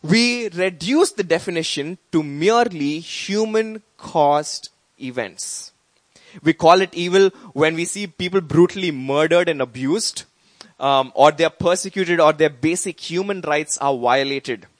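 Earnest male pastor, higher voice. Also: measured pace. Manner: earnest, conversational preaching with emphatic rises. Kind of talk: sermon.

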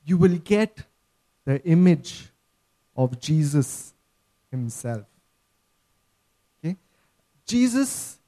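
A man's voice: high voice, a little mellow. A man preaching a sermon, earnest and emphatic, often checking in with his listeners.

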